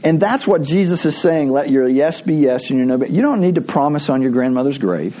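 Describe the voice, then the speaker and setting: Middle-aged guy pastor preaching, kinda husky, slightly higher voice, telling stories casual. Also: brisk. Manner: conversational storytelling, animated. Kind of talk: sermon.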